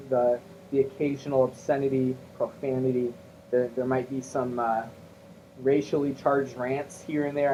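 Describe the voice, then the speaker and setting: A man with a slightly mellow, medium-pitched voice hosts his own podcast solo, rambling along in a wry, self-deprecating way. The lo-fi audio is muffled with a faint hiss.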